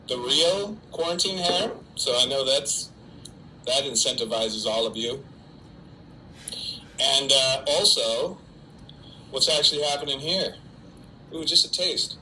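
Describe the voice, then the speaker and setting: A middle-aged man talks to his webcam from home in a very bright, forward voice, pitched a touch high for a man. He rambles cheerfully, jokes at his own expense and reads out fans' questions. A faint room hum sits under him. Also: poor audio. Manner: chatty, self-mocking, talks to an unseen audience. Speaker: actor hosting a live fan stream. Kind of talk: casual solo livestream chat. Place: home during quarantine.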